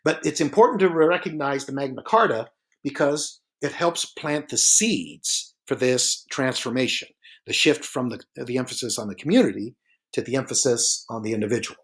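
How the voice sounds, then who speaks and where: A man recording a narrated slideshow lecture, his voice sitting at an ordinary middle pitch. He explains at an easy pace, filling pauses with "uh" and drawing out key words slowly to stress them. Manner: relaxed and explanatory, with frequent "uh" fillers.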